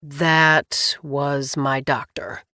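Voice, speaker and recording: A woman voicing a tender, worried adult husband who speaks low, soft and hesitant in an audiobook. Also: level tone, drawn-out words, no echo, studio quality, exaggerated voice.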